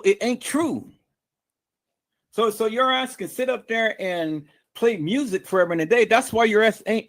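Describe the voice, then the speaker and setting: Furious profane man ranting on a livestream. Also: sits high. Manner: profane, combative, repetitive stammering restarts. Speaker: livestream host. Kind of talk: angry livestream rant. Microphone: streaming mic.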